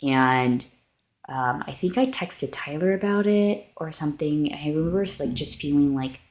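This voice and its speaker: This woman co-hosts a faith-based podcast, her low voice lively in intonation and darkish in tone at a moderate pace. She tells personal stories earnestly and from the heart, sprinkling in lots of "likes" as the casual chat goes on.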